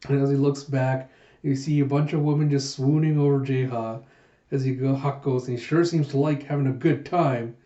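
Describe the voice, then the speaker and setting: Chatty man retelling a comic, mellow. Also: medium pitch, fairly even intonation, moderate pace. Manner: chatty, self-correcting retelling. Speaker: reviewer reading a manga aloud. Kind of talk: casual manga readthrough. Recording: roomy, dull lo-fi home recording.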